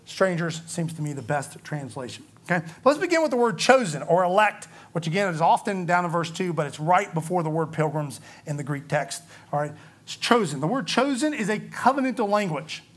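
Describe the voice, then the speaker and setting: High-voiced man teaching a Bible study. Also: big pitch swings, brisk. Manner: conversational, explanatory, frequent "okay?" check-ins.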